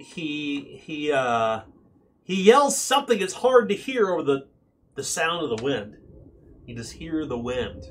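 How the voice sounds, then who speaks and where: Animated man narrating a tabletop game. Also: mid-range voice. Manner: animated, descriptive, with fillers. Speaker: game master.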